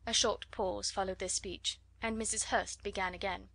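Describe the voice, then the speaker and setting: A woman narrating a classic novel as an audiobook, in a measured, clear reading. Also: mid-range voice, fairly even intonation, a bit bright. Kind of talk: scripted narration.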